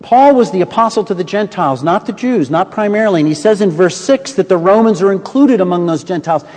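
A man with a high, ringing voice delivers a sermon from the pulpit. He tells stories with drama, dropping to a hush and then building back up. A long hall reverb trails every phrase. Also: lively intonation, fast. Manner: storytelling, dramatic swings from booming to hushed. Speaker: preacher.

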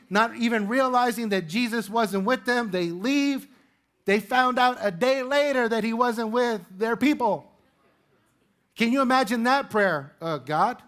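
A high-voiced male pastor, slightly bright in tone, delivers a sermon to his congregation in the church sanctuary. His style is easygoing and conversational, with rhetorical questions and light humor.

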